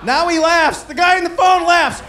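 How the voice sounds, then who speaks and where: A man doing stand-up comedy, telling a self-mocking story in an animated way and acting out bits of dialogue. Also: very high voice, normal speed, echoey room, slight background noise.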